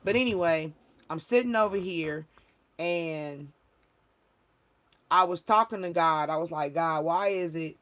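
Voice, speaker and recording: A woman's voice: fairly low pitch, unhurried, pauses often, a bit bright. Woman livestream host, spiritual reader, emphatic and preachy, casual and rambling.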